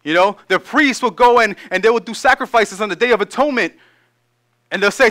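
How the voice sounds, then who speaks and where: The pastor's voice is high and bright. His sermon moves from measured scripture reading into energetic, relaxed explanation.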